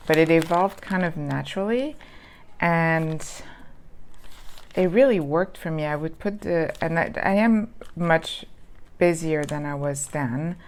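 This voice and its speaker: A woman chatting casually as she flips through old planners, rambling with lots of ums and restarts. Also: low voice. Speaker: planner vlogger. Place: lives in Southern California.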